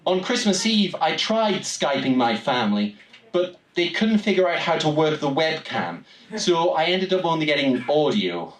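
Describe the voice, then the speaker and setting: A young man from Newcastle with a Geordie accent, telling a wry, comic story live on stage in a small venue. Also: mid-range voice. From Newcastle, England. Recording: roomy room, distant mic, audience.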